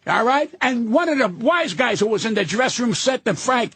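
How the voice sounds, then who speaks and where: Older brash comic, husky and high-pitched, profane ranting delivery. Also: male voice, lively intonation, moderate pace, fairly bright tone, no echo. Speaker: guest comedian. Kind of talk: casual radio interview.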